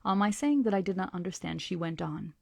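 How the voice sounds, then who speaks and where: Woman reading a novel aloud, hushed. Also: fairly low pitch, lively intonation, creaky, no room sound, studio quality. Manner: slow, deliberate, dips into whispers. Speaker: book club host reading aloud.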